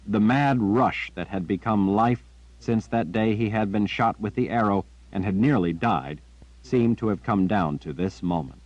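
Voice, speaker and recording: A man narrating an audiobook in a steady, measured storytelling manner. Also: lowish voice, no room sound. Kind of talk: scripted narration. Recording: dry, dull lo-fi.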